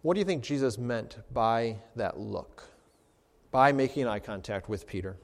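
A man's voice: medium pitch, normal speed, vocal fry, in a large hall. A man, a pastor, preaching an expository sermon with rhetorical questions.

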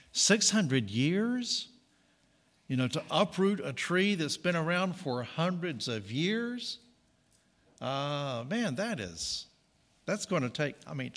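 A man's voice: fairly high pitch, fairly bright tone, big-room sound. A man preaching a conversational sermon, correcting himself and adding jokey asides. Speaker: pastor.

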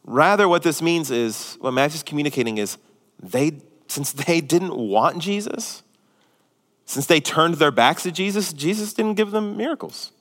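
A male pastor delivers a sermon, animatedly acting out the voices of the people he quotes. His voice sits a little high and unhurried, with the sound of a big room around him.

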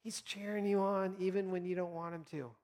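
A man speaking as a pastor, giving an earnest, encouraging devotional talk for Lent with gentle pauses. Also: sits high, flat delivery, big-room sound.

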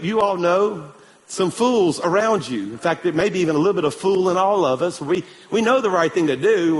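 High-voiced man preaching in an echoey hall. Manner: animated storytelling, calls for amen. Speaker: pastor. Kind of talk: sermon.

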